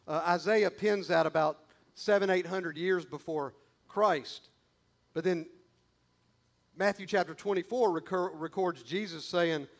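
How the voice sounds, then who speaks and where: A man's voice: high voice, gravelly. A male preacher, delivering a sermon in a conversational, emphatic way with folksy asides.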